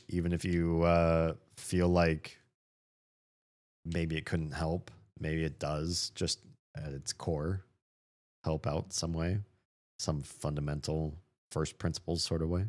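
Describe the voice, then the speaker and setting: A man with a low voice plays through a game on a let's play, reading its lines aloud and chatting between them. His pitch swings widely and his pace stays slow and unhurried. He jokes and laughs often and trails into soft mumbled asides.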